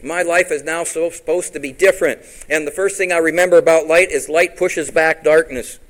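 A middle-aged man preaching a sermon as pastor, lively and throwing rhetorical questions at his congregation. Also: on the high side, a little fast, low-quality recording.

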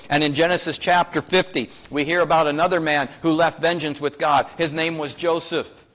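A man's voice: fairly high pitch, fairly bright tone. A man preaching a sermon. He speaks emphatically, asks his listeners many rhetorical questions, and quotes scripture in old-fashioned wording. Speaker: pastor.

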